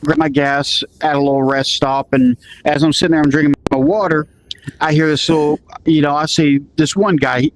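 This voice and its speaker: On a rough recording with slight background noise, a man with a fairly high, fairly even voice tells a story casually at a moderate pace. He acts out each person's lines, leaning heavily on "he goes" and "I'm like."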